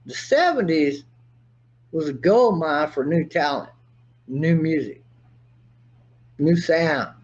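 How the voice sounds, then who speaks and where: Man, high lively voice, slow, rambling, theatrical, lo-fi audio. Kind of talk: rambling monologue to camera. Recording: dull lo-fi video audio.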